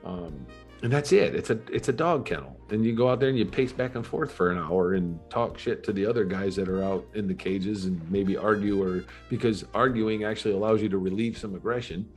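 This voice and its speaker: A middle-aged man, a podcast guest, telling his life story in a candid, earnest and reflective way, with halting restarts. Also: fairly low pitch, soft background music.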